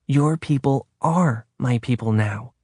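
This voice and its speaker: A man's voice: medium pitch, slow pace, darkish tone, breathy edge, no room sound, clean studio sound. A man reading an audiobook, voicing a defiant young woman from Earth who teases and insists. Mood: teasing. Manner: teasing, confident.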